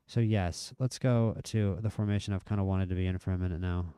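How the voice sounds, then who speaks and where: A man's voice: low voice, brisk, smooth, dry recording, studio quality. Chatty man streaming a football game. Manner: chatty, excitable at near misses and goals. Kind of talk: live gameplay commentary.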